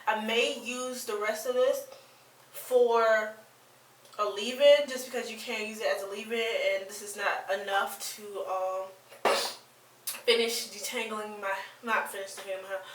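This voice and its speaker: A woman talks through a casual product review in a chatty, rambling way, often restarting and filling pauses. Her voice sits a little high. She sounds set back from the mic in an echoey room. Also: fairly even intonation, distant mic, slight background noise. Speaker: beauty vlogger.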